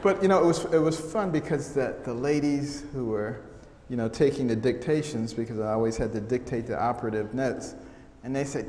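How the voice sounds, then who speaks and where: A man's voice: medium pitch, brisk, hardly any pauses. American man telling stories in an echoey hall. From United States. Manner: humorous, animated storytelling with quoted voices. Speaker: speaker giving a testimony talk. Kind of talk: storytelling talk to an audience. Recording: echoey hall sound with faint noise.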